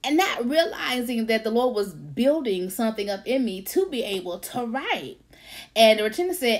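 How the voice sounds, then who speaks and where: A woman hosting a casual faith-based livestream, lively, laughing often and greeting viewers by name. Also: on the high side, moderate pace. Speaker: author and livestream host.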